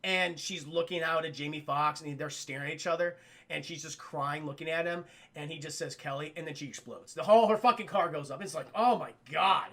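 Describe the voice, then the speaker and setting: A man's voice: fairly high pitch, a little fast, bright, forceful tone. A man giving a casual, profane film review to a live chat, laughing often.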